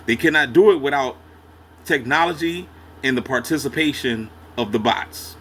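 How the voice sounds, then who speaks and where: A man's voice: mid-range voice, normal speed, a bit bright, slight background noise. A man hosting a reaction video, talking in slangy, emphatic asides and backing up the clip he plays. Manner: slangy, emphatic, chiming in with agreement. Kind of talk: casual reaction commentary.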